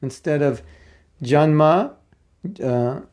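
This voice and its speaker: A man's voice: on the high side, slow pace, a little mellow, clear, resonant tone. A man giving a spiritual lecture class in a conversational way, asking rhetorical questions and acting out quotes. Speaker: spiritual teacher.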